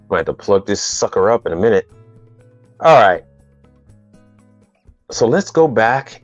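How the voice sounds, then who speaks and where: A man's voice: on the low side, moderate pace, no echo. A man hosting a casual live stream on business questions, rambling and teasing in loose slang. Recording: dull dry sound with faint music behind.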